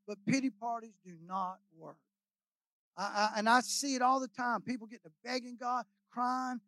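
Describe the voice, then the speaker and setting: A man's voice: very high voice, fairly even intonation, normal speed, dry recording. Man, guest pastor, folksy storytelling, repeats himself, dry sound. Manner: swings from quiet asides to loud shouting. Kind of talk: sermon.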